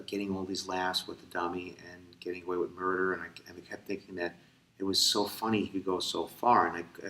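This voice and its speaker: A middle-aged ventriloquist, interviewed casually in a convention room, tells a rambling story, sounding tired but animated and full of fillers and restarts. His voice is low-pitched. The room echoes, and he's picked up from a distance.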